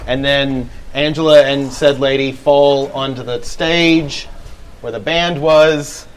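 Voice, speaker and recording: A man's voice: medium pitch, steady tone, slow pace, a little hiss or hum, rough recording. A man co-hosting a live podcast, telling a story in a laughing, goofy way. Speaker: podcast co-host. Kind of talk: casual live podcast chat. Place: live event venue.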